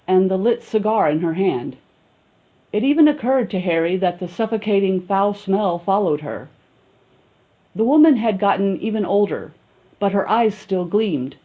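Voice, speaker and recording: A woman reading a horror-comedy audiobook as a steady first-person storyteller. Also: mid-range voice, poor audio. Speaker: audiobook narrator. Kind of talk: scripted narration.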